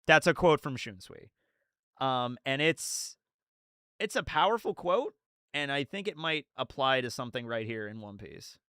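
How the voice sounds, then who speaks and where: A man on a live stream, rambling excitedly through a manga chapter breakdown, laughing often and acting out quotes. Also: medium pitch, normal speed, smooth, no room sound, clean studio sound. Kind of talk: casual live-stream commentary.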